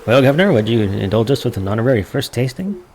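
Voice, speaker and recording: A man's voice: mid-range voice, sing-song, fast, darkish tone, a little hiss or hum. A man voicing a fussy older village mayor from a farming game, announcing things in an officious, ceremonial way.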